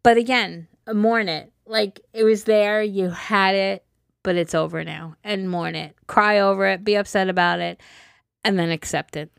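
A woman who is a mother, co-hosting an advice podcast in casual chat, emphatic and blunt, dropping low and quiet to drive her points home. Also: fairly even intonation, moderate pace, vocal fry, clean tone, no echo, studio quality. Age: adult, a mother. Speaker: podcast co-host.

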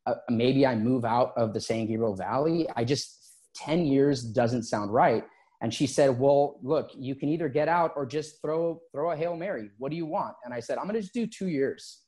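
Speaking at normal speed with a medium pitch, a man who once owned a gym relaxes into his story as an interview guest. He recounts old conversations by acting them out in quotes.

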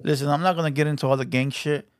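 A man with a Mexican American accent, commenting casually on clips as host, fast and animated, swearing and asking "right?" a lot. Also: a little high. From United States.

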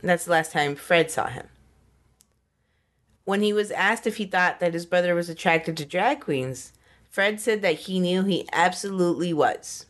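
Woman cohost on a podcast, lowish voice, rambling, lots of ums and restarts. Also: normal speed, a bit bright. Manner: rambling, many fillers and restarts. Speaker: podcast co-host. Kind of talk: casual storytelling chat.

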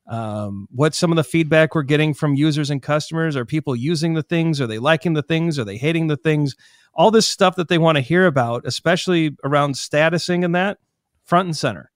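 A man co-hosting a podcast in casual discussion, emphatic and listing points in quick succession. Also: on the high side, dry recording, clean studio sound. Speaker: podcast co-host.

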